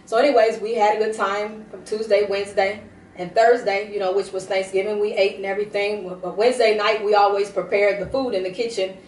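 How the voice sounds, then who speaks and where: A woman's voice: medium pitch, level tone, fairly quick, far from the mic, a little hiss or hum. Woman, tearful testimony, rambling, roomy sound, off-mic. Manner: rambling, emotional storytelling with many restarts. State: teary. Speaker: prophetess broadcasting a service. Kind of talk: personal testimony.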